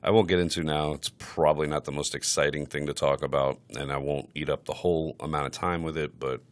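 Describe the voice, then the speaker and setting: A man's voice: extremely low pitch, fairly even intonation, fairly quick. A man hosting a podcast, talking in crude casual chat with a brash, mock-aggressive, profane manner. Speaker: podcast host.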